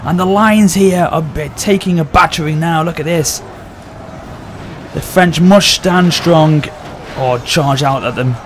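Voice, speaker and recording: A man hosting a gaming channel excitedly commentates a battle over gameplay, often speaking directly to his audience. His voice is on the high side and his pace measured, with a little hiss or hum present.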